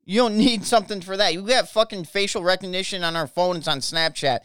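A man's voice: high-pitched, a little fast, a bit bright, clear, resonant tone, no echo, clean studio sound. An American man hosting a podcast, ranting angrily with lots of swearing and stumbling restarts. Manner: angry, profane, repeats himself. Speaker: podcast host. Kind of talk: ranting political podcast monologue.

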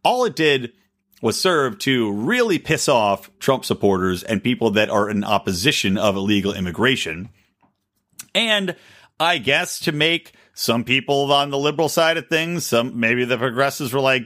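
Sarcastic, animated male podcast host. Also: mid-range voice, normal speed. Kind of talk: solo political commentary.

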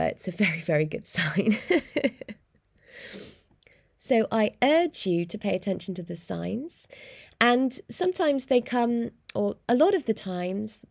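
A young woman hosting a solo podcast, chatting in an animated way and laughing often, talking from a small room. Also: mid-range voice, vocal fry, dry recording, studio quality. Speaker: podcast host. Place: small room in hospital accommodation.

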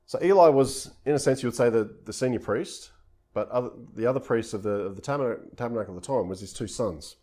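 A man's voice: mid-range voice, quick pace, mellow. A man preaching a conversational sermon, retelling scripture informally in everyday speech.

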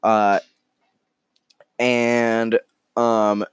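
Slow, rambling male podcast host. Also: medium pitch, flat delivery, clear, resonant tone, dry recording, studio quality. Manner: rambling, joking, halting. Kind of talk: casual improvised storytelling.

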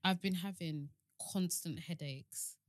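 A woman's voice: on the low side, slow pace, no room sound, clean studio sound. A woman nearly thirty, speaking candidly and a bit rambling in a casual heart-to-heart chat. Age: 30s.

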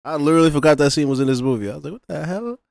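A man co-hosting a casual movie podcast, laid-back and quick to laugh as he retells scenes. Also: on the high side, fairly even intonation, gravelly, a little mellow, no room sound. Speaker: podcast co-host. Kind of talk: casual movie review chat.

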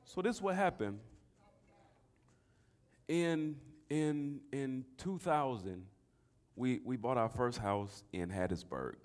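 A middle-aged man, preaching a sermon that swings from soft storytelling to shouting. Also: medium pitch, takes it slowly, long pauses. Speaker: pastor.

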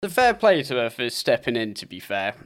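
A man's voice: mid-range voice, sing-song, fairly quick, a bit bright. A young man co-hosting a podcast. He tells stories animatedly, swears freely and acts out the people he quotes. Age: young adult. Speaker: podcast co-host. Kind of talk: casual chat.

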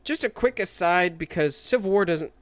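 A man's voice: normal speed, dry recording. An enthusiastic man chatting on a podcast, his voice swooping up and down as he talks. The sound is close and dry, with no room around it. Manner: enthusiastic, jumps into high excited quotes. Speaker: podcast co-host. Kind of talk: casual fan chat.

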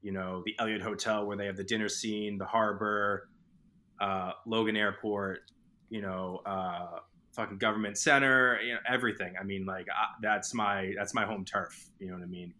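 A man's voice: on the low side, moderate pace. A man from Boston in casual movie chat, swearing freely and eagerly quoting lines from films. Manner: excited, swears a lot, quotes film lines.

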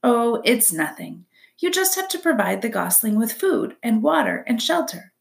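A blunt old goose lectures in a brisk, scolding tone, as a woman voices her. Her pitch leaps about with lively emphasis. A storybook reading. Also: gravelly, heavily acted. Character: old gray mother goose, bossy and blunt.

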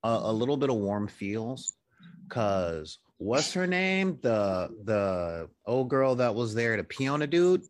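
A man's voice: medium pitch, big pitch swings, slow pace, dry recording, clean studio sound. A man co-hosting a podcast in casual chat, drawling and acting out quoted reactions. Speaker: podcast co-host.

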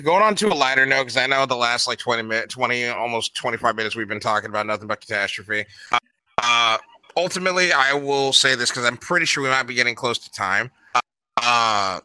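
Casting: man, podcast co-host, very bright voice, dry close mic, rambling casual chat. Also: mid-range voice, lively intonation, a little fast, clear, resonant tone, no room sound. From New England. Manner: rambling, chatty, frequent fillers.

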